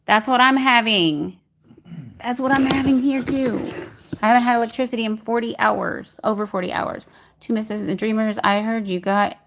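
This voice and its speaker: Chatty woman hosting a livestream. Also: on the low side. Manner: chatty, greets viewers by name, reads comments aloud. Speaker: livestream host reading chat. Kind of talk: casual livestream chat. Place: home in Texas during a power outage.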